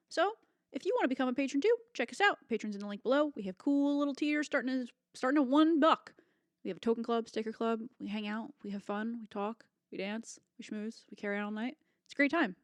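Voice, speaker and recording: A woman's voice: fairly high pitch, no echo. A young woman co-hosting a casual chat show, upbeat and playful. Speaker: co-host.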